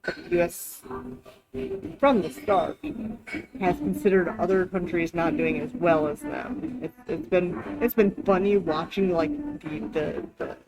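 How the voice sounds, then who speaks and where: A woman's voice: fairly low pitch, steady tone, unhurried, low-quality recording. A woman vlogger telling a long casual story, chatty and profane, full of fillers. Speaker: travel vlogger.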